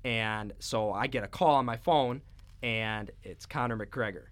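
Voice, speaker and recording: A man's voice: fairly low pitch, unhurried, fairly bright tone. A man co-hosting a casual podcast, talking in a teasing, laid-back way with stumbling restarts. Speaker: podcast co-host.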